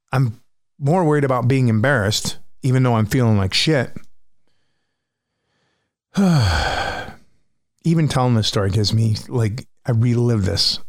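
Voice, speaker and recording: A man with a gravelly, fry-edged voice recounts a personal story with blunt candor, swearing freely as he goes. His recording is dry and close, with no room around it. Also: medium pitch, no echo. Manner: frank and profane, vivid retelling.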